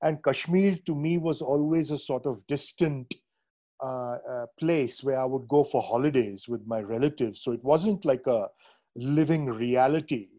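A podcast host from India, in Srinagar, conducts a conversational interview over a video call. His voice is medium-pitched, warm, and a little slow, and he comes across as thoughtful and hesitant, with many fillers and restarts.

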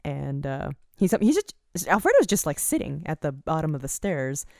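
A woman co-hosting a casual podcast from her apartment, talking in a hesitant way with pauses and restarts. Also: low-pitched, very animated, gravelly, a little mellow, no echo, clean studio sound. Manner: hesitant, many fillers and restarts. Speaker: podcast co-host. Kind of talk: casual chat.

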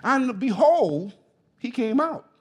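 A man's voice: very high voice, expressive, slow, husky, big-room sound. A man preaching a sermon as pastor, speaking emphatically and calling on the congregation to respond. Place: church.

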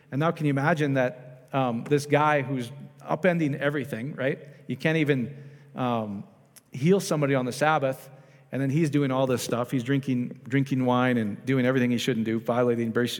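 A man preaching in a relaxed, conversational way, tossing questions out to the congregation and circling back on his own sentences. His voice sits at an ordinary middle pitch. A long reverb trails behind him in the hall. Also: brisk. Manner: chatty, asks the congregation questions, many restarts. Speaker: pastor. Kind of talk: casual conversational sermon.

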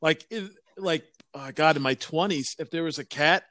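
A man's voice: a little high, normal speed, sharp tone, no room sound, studio quality. A man co-hosting a podcast in casual chat, rambling with many fillers and hesitations. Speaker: podcast co-host.

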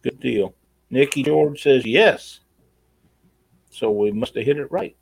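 A man's voice: medium pitch, slow, gravelly, darkish tone, breathy edge, rough recording. A man co-hosting a live stream giveaway in a casual, folksy way, reading chat comments aloud.

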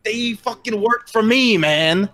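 A man putting on a shouty, furious goblin boss. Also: high voice, slow pace, voice pushed up, full character voice. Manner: shouty, swearing, petulant. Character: angry little male goblin crime boss.

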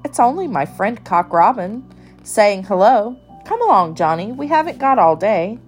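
A woman voicing a timid, homesick little male country mouse in a storybook, speaking gently and plaintively. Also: medium pitch, sing-song, normal speed, faint music behind, natural voice. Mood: cheerful.

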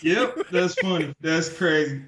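A man's voice: a little high, expressive, a little slow, a bit bright. A man in his twenties from Detroit, a game developer chatting casually and rambling with many fillers. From Detroit, USA. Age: 20s. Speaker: podcast guest and game developer. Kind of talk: casual chat. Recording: dull lo-fi sound.

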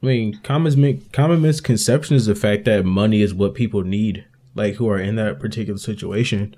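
A man's voice: lowish voice, a little fast, mellow. A man hosting a casual faith conversation, speaking earnestly and reflectively, building his points step by step.

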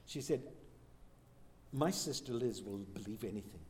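Pastor guy telling a story, mellow dark voice, acts out the quotes, faint hiss behind. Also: mid-range voice, expressive, moderate pace. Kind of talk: storytelling testimony.

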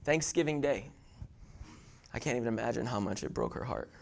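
A middle-aged male pastor preaching a sermon in church, building to loud emphatic peaks and then dropping to hushed storytelling, often repeating words as he restarts. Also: medium pitch, level tone, racing, vocal fry.

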